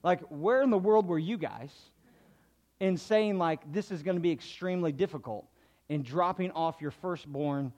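Middle-aged male pastor, high-pitched, casual sermon with emphatic peaks. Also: moderate pace, a little mellow. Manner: conversational, self-deprecating, builds to emphatic preaching.

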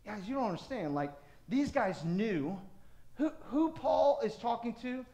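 A man with a very high voice delivers a sermon as pastor. He swings between loud, fervent stretches and low, quiet emphasis. His voice rings in an echoing church room. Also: lively intonation, unhurried.

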